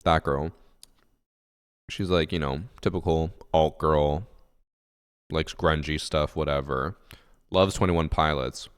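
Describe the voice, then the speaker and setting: Streamer, man in his 20s, booming low voice, swears freely while venting. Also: steady tone, slow pace, long pauses, clean tone, no echo, clean studio sound. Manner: profane, ranting storyteller. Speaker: live streamer. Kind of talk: casual chat on stream.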